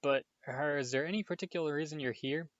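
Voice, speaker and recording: Male reader voicing a polite, hesitant boy wizard with a hushed, nervous tone; dull, dry recording. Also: fairly high pitch, fast talker, no room sound, pitched above the performer's own voice, natural voice.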